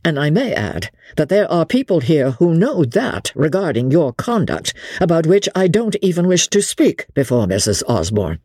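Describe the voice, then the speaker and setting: A woman voicing a grave, honorable male army officer who speaks haughtily and haltingly. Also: sits low, sing-song, mellow, dry recording, studio quality. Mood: stern.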